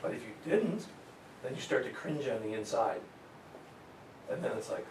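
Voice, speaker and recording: A man teaching a real estate sales seminar to a live audience, energetic and joking, often laughing at his own stories. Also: medium pitch, moderate pace, pauses often, slight background noise. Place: meeting room with a live audience. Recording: echoey room, mic far off.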